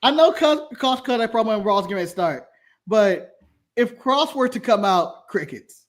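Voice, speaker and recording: A man hosting a livestream, chatting casually about wrestling with animated, sarcastic remarks and casual swearing. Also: sits high, moderate pace. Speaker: podcast host.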